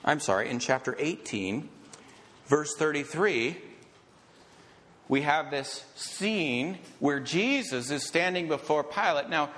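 A male pastor delivers a sermon in a loose, chatty way, drifting into asides and building excitement. His voice sits a little high for a man and swings widely in pitch. Long reverb from a large church hall trails his words. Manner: conversational and rambling, growing excited.

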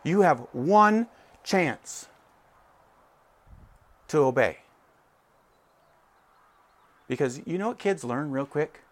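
A man preaching, conversational and lively. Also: fairly high pitch, drawn-out words, long pauses. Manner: animated, conversational, checks in with listeners. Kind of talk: sermon.

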